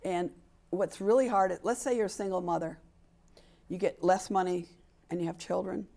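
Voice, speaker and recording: Interviewed candidly, a seventy-something woman who advocates for sports equality talks at a moderate pace in a fairly low, dark voice with vocal fry and fairly even intonation. She makes her points emphatically, dramatizing quoted dialogue and repeating for stress.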